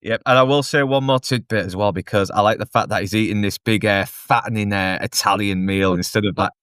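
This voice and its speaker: A man's voice: lowish voice, fairly even intonation, a little fast, a bit bright, smooth, dry recording, studio quality. A man joining a casual review chat as a guest, blunt and laid-back, swearing casually. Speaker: podcast guest.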